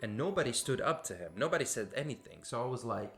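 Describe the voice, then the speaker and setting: A man's voice: medium pitch, very animated, quick pace, a bit bright, faint music behind. A man from Syria, hosting a podcast and telling a personal story casually, with many fillers and restarts. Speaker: podcast host.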